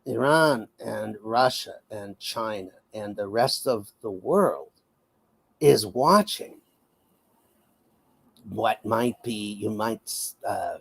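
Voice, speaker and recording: A man's voice: lowish voice, creaky, slightly rough. A man giving casual political commentary as an interview guest, wry and often laughing, with many fillers and restarts, over a video call.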